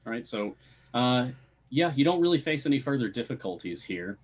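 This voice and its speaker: Husky, animated male game master. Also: mid-range voice, brisk. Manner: lively, laughs often, fills with "uh". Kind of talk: narrating a tabletop game.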